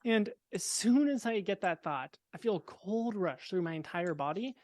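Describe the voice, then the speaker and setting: A young man, a podcast guest, telling a personal story in a relaxed, casual way with wry, deadpan dark humor. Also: high voice, normal speed, dry recording.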